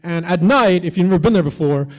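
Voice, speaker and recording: A man's voice: high voice, animated, quick pace, rough recording. A man doing a stand-up comedy set on a convention stage, with edgy, teasing banter toward the crowd.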